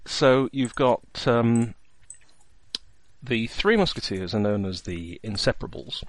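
A man's voice: mid-range voice, expressive, unhurried, dry recording. A man, the game master, chatting in a rambling way full of fillers and asides as he sets up a tabletop role-playing game. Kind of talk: casual chat, setting up a tabletop game.

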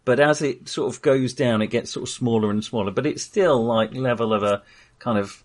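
A middle-aged man narrates a tabletop game as game master. He hesitates often and fills gaps with ums. His pitch is in a middle range. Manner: halting, full of ums.

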